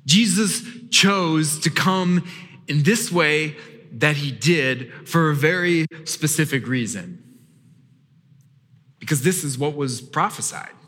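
A man preaching a sermon as pastor, telling the story in an animated way and acting out the voices of the people in it. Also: on the high side, slow, long reverb tail. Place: church sanctuary.

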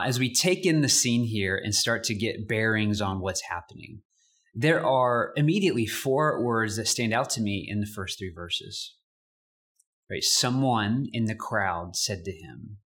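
Husky young man preaching conversationally. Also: lowish voice, measured pace. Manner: conversational, animated preaching with asides. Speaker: pastor. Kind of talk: sermon.

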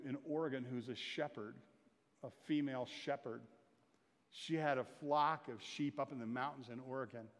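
Guy preaching a sermon, earnest, mid pitch voice, long church reverb. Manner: earnest, swells louder and higher at climaxes.

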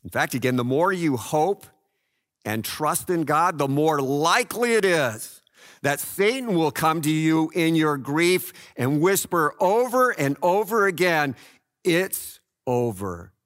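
A man preaching a sermon in a slow, earnest way, swinging between loud passages and hushed ones. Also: fairly high pitch, animated. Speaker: pastor.

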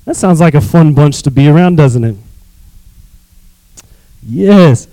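A man preaching as a youth pastor, reading scripture with animated asides and calling on the congregation to repeat phrases. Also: on the high side, moderate pace, long pauses, dry recording, poor audio.

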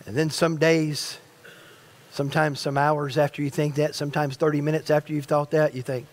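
A pastor delivering a sermon in a high-pitched male voice. He talks straight to the congregation as a stirring preacher. His phrases often double back and start again. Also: level tone, normal speed. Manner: stirring preacher who addresses the congregation directly; repeats and restarts phrases.

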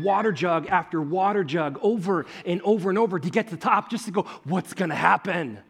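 Man, preacher, sermon, animated storytelling, casual fillers, slightly high voice. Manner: animated storytelling, shifting from loud to hushed; conversational, with fillers like "like" and "okay".

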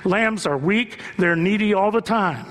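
A male pastor with a high voice delivers a sermon in animated storytelling fashion, building to impassioned shouts. His voice rings out with a long reverb, as in a large hall. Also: a little slow.

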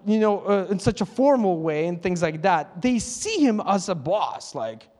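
A man with a high voice delivers a relaxed, chatty sermon from the stage. He slips into quick imitations of other people's prayers and chuckles along the way. His voice carries through a large church hall with a long, lingering reverb. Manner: conversational, self-laughing, mimics others' prayers. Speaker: pastor.

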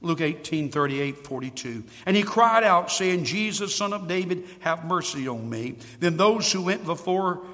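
A male pastor preaching a sermon in a church, swinging from loud emphatic lines to hushed ones. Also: fairly high pitch, lively intonation, moderate pace, few pauses, long reverb tail. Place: church sanctuary.

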